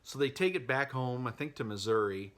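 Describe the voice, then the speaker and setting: A man's voice: mid-range voice, expressive, a little fast, a bit bright. A man casually recapping a movie he loves, chatty and wry, laughing at the plot. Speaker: movie vlogger.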